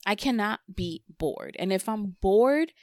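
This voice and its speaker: A woman's voice: medium pitch, expressive, measured pace, a little mellow, dry recording, studio quality. A young woman on a podcast, chatting candidly and confessionally and repeating words for emphasis. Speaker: podcast co-host or guest. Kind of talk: casual podcast chat.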